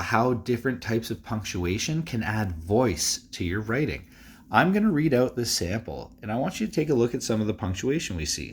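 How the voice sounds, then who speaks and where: Male teacher, lowish voice, easygoing recorded lesson for young students, reads aloud with big expression. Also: a little hiss or hum. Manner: relaxed, chatty, with frequent fillers.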